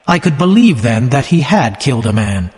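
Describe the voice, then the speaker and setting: Expressive male storyteller with long echo. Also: medium pitch, moderate pace. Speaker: narrator. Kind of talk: scripted story narration.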